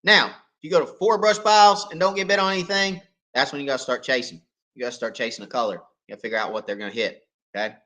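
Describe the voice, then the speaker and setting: A man hosting a live fishing Q&A, hoarse and coughing as he loses his voice, talking in a folksy, chatty way and checking in with viewers. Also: medium pitch, fast, pushed and bright. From East Tennessee. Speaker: fishing channel host. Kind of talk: live Q&A chat.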